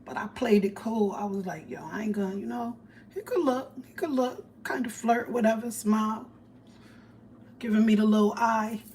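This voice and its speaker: A woman with tells a story on her livestream in an animated, profane way. Her voice sits a little high, and she acts out each person she quotes. Faint background noise hums under her. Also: moderate pace, low-quality recording. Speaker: livestream host. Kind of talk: casual storytelling.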